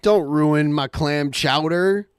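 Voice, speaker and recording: A man's voice: a little high, takes it slowly, clear, resonant tone. A man co-hosting a podcast, making amused, incredulous remarks on a played clip. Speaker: podcast co-host. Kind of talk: casual commentary on a played clip.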